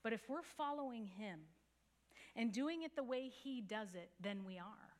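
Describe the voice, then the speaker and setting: A woman's voice: a little high, animated, a little slow. A woman pastor preaching a sermon, telling a story in an earnest, conversational way. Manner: earnest storytelling with a few soft laughs.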